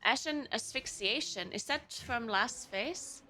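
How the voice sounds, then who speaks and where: A woman live-streaming, chatting loosely and reasoning out loud as she goes. Her voice is bright and sits a little high, and she breaks into laughter now and then. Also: animated, slow pace, slight background noise. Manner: chatty, thinking aloud, laughs often. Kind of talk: casual live-stream chat while gaming.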